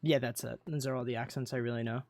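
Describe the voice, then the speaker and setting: A man's voice: medium pitch, fairly even intonation, fast talker, darkish tone, slight background noise. A man chatting casually on a live stream, rambling and swearing between narrating a game roleplay.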